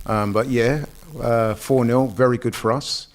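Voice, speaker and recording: A man's voice: medium pitch, steady tone, unhurried, a little hiss or hum. An Englishman hosting a casual football watchalong, upbeat as he introduces his panel. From England. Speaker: host.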